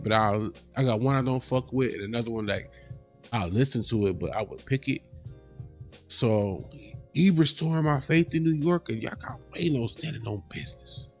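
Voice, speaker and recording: A man hosting a casual reaction livestream, animated and profane, talking straight to his chat. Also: fairly low pitch, moderate pace, faint music behind. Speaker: livestream host.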